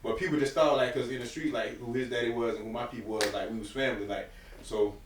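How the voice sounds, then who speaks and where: A man's voice: mid-range voice, steady tone, fast talker. A man from Florida, telling laid-back stories as a podcast guest and laughing through them. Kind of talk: casual storytelling chat. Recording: echoey room, far from the mic, faint hum.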